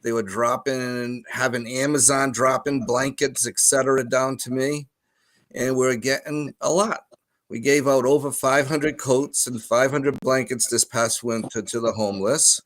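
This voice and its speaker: A man's voice: mid-range voice, fairly even intonation, a little slow, fairly bright tone, no room sound. Older guy w a thick rhode island accent, earnest chatty guest, dry sound. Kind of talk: casual chat.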